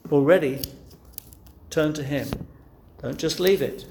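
A man's voice: on the high side, measured pace, creaky, pauses often, a little mellow. A man preaching a sermon, earnest and pleading, pressing his listeners with rhetorical questions. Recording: echoey room.

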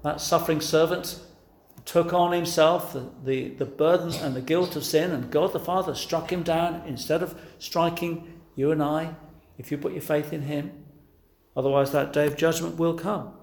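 A man delivers an earnest, pleading sermon, pressing his hearers again and again with direct questions. His voice sits a little higher than most men's. It rings out in a roomy, echoing space. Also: fairly even intonation, normal speed, a little mellow, a little hiss or hum. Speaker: preacher. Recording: echoey room.

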